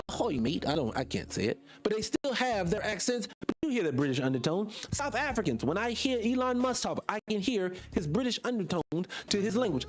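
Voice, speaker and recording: Emphatic man hosting a commentary monologue. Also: sits high. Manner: emphatic, rhetorical questions, addresses viewers directly. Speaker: channel host.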